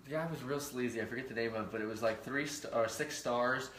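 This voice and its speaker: A man's voice: medium pitch, fast talker, a bit bright, reverberant, slight background noise. A middle-aged man co-hosting a show, bantering with his wife in a joking, boastful way. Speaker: podcast co-host. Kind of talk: casual chat with spouse.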